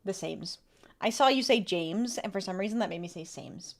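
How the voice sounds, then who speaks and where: A woman streamer giving casual, animated gameplay commentary with quick asides and laughter. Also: medium pitch.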